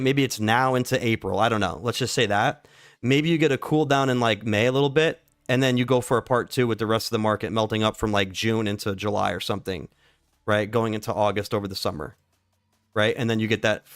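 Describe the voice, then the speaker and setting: A man's voice: medium pitch, no room sound, studio quality. A man hosting a casual livestream, talking loosely and profanely with lots of "dude" and "like.". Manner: loose, slangy and profane, says "dude" and "like" often. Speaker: livestream stock market host. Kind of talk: casual live trading chat.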